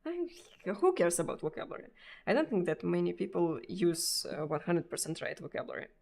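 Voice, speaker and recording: A woman from Russia with a Russian accent, chatting casually on a live stream. She speaks haltingly, with many pauses and restarts, and laughs often. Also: lowish voice, sing-song, vocal fry, a little mellow. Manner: laughs often between sentences.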